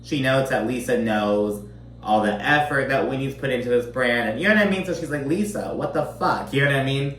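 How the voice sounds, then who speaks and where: A man's voice: medium pitch, fairly quick, a bit bright. A man casually recapping a reality TV episode, chatty and swearing freely, often asking "you know what I mean?". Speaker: TV recap host. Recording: roomy, distant mic, faint hum.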